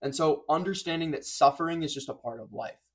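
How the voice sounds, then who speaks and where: A man's voice: a little high, fairly quick, a bit bright. A man talking casually to camera as a vlogger, rambling and breaking off mid-thought, close to the microphone. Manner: rambling, self-interrupting, offhand.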